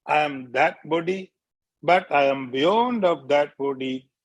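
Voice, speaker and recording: A man teaching scripture as a swami, speaking deliberately, repeating key phrases and chanting short verses. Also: on the high side, muffled recording. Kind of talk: spiritual lecture.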